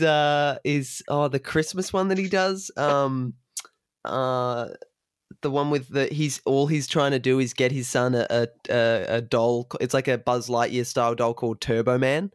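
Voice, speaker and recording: A man co-hosting a movie podcast in casual chat, animated and slipping into quick voices as he tells stories. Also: mid-range voice, clear, resonant tone, no room sound, studio quality. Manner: animated, mimics voices mid-story. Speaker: podcast co-host.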